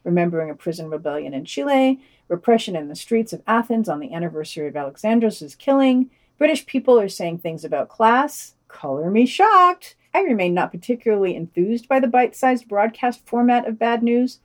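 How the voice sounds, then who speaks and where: Recorded from a distance and slightly off-mic, a woman podcast co-host talks through reviews and casual topics with wry hesitancy, frequently restarting her thoughts. Her medium-pitched, a little mellow voice has lively intonation and moves a little fast with hardly any pauses.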